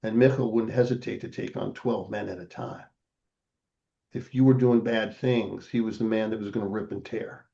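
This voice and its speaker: A man's voice: on the low side, steady tone, normal speed, vocal fry, warm tone, lo-fi sound. An older man, a podcast guest, telling a family story in a casual interview and acting out the voices of the people in it.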